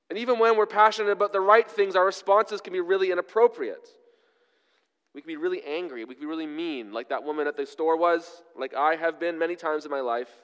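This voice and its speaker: A man preaching a conversational sermon as pastor, telling a story with relaxed fillers and self-deprecating asides. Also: fairly high pitch, clear, resonant tone, in a large hall.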